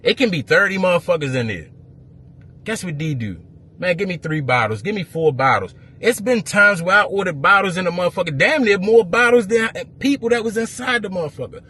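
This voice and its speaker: A man, an event promoter telling a story to camera as a profane, heated rant that grows louder. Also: high voice, lively intonation, fairly quick, husky.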